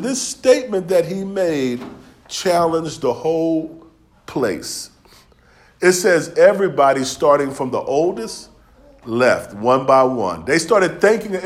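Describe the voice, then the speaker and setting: Speaking in a high, very animated voice without hurrying, this preacher delivers his sermon through relaxed, chatty stories. Dialect colors his speech, and laughter breaks in now and then.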